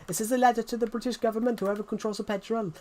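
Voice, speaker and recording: A man imitating an indignant Welsh man with a Welsh accent who rants at the government in a fast, exasperated rush. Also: high-pitched, steady tone, darkish tone, voice pushed up, lightly acted.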